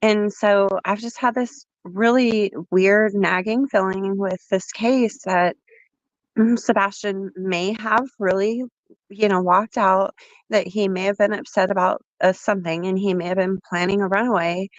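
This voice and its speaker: A woman's voice: medium pitch, fairly even intonation, unhurried, no echo. Groggy woman caller on muffled audio. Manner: rambling, hesitant, with fillers. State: groggy morning voice. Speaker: caller on a livestream. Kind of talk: casual call-in chat.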